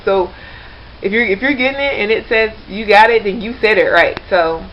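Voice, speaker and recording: A woman's voice: medium pitch, normal speed, a bit bright, slight background noise. A woman chatting casually to camera in a rambling way, with plenty of fillers and restarts. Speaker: language learner vlogger. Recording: slightly dull lo-fi webcam recording.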